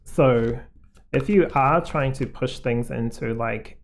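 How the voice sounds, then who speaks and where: A man talks viewers through a tarot reading in a loose, rambling way, padding his thoughts with "like" and "um". His voice sits at an ordinary pitch with a gravelly edge. He keeps a gently reassuring, advising tone. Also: slow pace. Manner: rambling, heavy on fillers like "like" and "um". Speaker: tarot card reader. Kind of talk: casual spoken card reading to viewers.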